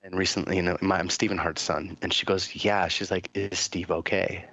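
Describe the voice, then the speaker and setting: A man's voice: low voice, fairly even intonation, brisk, a bit bright, lo-fi sound, a little hiss or hum. A man hosting a podcast, telling a long story in casual chat, rambling and swearing, with many fillers and quoted dialogue. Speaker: podcast host.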